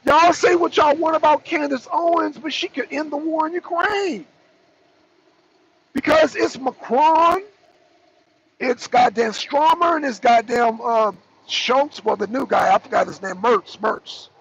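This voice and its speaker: A man's voice: very high-pitched, measured pace, fairly bright tone. A man hosting a political talk show, ranting animatedly and calling out his co-hosts by name, on a slightly muffled recording. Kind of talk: heated political commentary.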